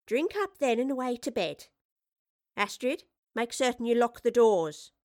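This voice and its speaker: A woman voicing a stern, brisk older innkeeper who gives curt orders. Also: on the high side, lively intonation, a little mellow, pitched above the performer's own voice. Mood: brusque. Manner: curt, commanding.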